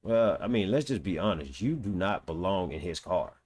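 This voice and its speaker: A man's voice: low-pitched, animated, moderate pace, a little mellow. A man reading a news article aloud and breaking off into blunt, mocking, profane reactions. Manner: blunt, mocking, swears, reads quotes aloud then reacts. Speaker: commentary host.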